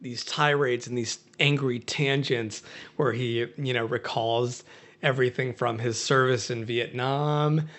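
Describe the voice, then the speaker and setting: A man's voice: medium pitch, fairly even intonation, a little slow, a bit bright. A man talking casually as a podcast guest, rambling through movie scenes with lots of fillers and restarts. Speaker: guest film buff.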